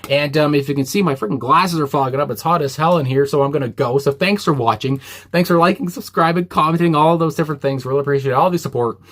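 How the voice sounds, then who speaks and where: A man's voice: on the high side, fast, a bit bright. A young man in a small room casually talking through a song reaction, rambling with many fillers and quoting lyrics earnestly. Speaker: music reaction YouTuber. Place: small hot room indoors.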